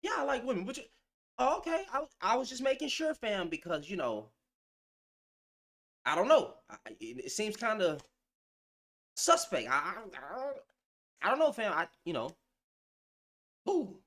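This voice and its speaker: A man's voice: high voice, wildly swooping pitch, a little slow, long pauses, a bit bright. A man ranting to camera in blunt, slang-heavy commentary, calling people out. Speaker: vlogger.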